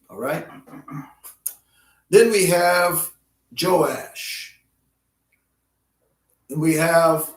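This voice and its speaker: A man teaching a Bible history lesson in an unhurried way, often repeating names in their alternate pronunciations. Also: on the high side, fairly bright tone. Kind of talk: classroom Bible history lecture. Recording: roomy sound from a distant mic.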